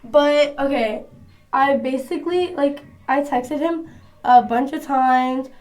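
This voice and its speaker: A woman's voice: sits high, takes it slowly, a little mellow. A woman telling a casual storytime to her phone camera at home, chatty and full of slang. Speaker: vlogger.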